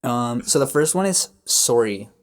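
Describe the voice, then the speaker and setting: A Canadian man with an easygoing manner, co-hosting a casual podcast lesson. He models each word slowly and patiently, the way a friendly teacher would, and his pitch sits right in the middle for a man. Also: expressive. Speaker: podcast co-host, English teacher.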